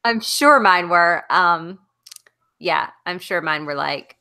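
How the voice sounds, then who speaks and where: A woman's voice: on the low side, expressive, takes it slowly, sharp tone, clean tone. A middle-aged woman with a Southern American accent, chatting casually as a podcast co-host about books, rambling with fillers and restarts. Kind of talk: casual book discussion chat.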